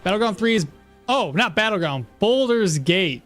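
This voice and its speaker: A man giving casual, rambling gameplay commentary, chatty and quick to laugh, at a home setup. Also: high-pitched, animated, a bit bright, soft background music. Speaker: gaming streamer.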